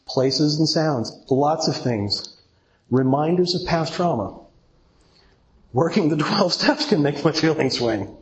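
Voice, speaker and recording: A man's voice: fairly high pitch, animated, takes it slowly, a little hiss or hum, poor audio. A middle-aged man giving an earnest recovery talk to a meeting audience and asking them questions. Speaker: twelve-step speaker.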